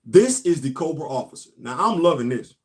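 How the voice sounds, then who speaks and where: A man hosting a casual toy unboxing live stream, talking straight to his viewers in a relaxed way, often repeating himself. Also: a little high, fairly quick, slight background noise. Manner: laid-back, talks straight to viewers, repeats phrases, trails off.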